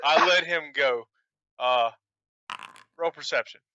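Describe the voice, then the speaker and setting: A man's voice: on the high side, slow, pushed and bright, dry recording. A man running a tabletop game as game master, laughing often between his lines. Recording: dull lo-fi call audio, dry.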